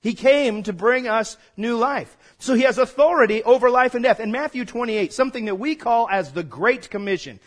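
A man's voice: very high-pitched, moderate pace, hardly any pauses. A man preaching a sermon as pastor, conversational and folksy, prompting the congregation to call back.

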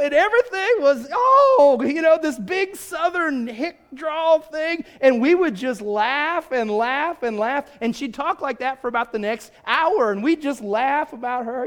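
A middle-aged man with a Virginian accent, a pastor preaching a sermon, jokey and animated, swinging from hushed to loud. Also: high-pitched. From US East Coast. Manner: self-deprecating, jokey asides.

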